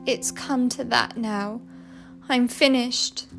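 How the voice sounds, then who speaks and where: A woman's voice: fairly high pitch, steady tone, slow, vocal fry, soft background music, full character voice. A woman voicing a sobbing, broken father. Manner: loud, anguished, breaking. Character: despairing middle-aged father, drunk, sobbing.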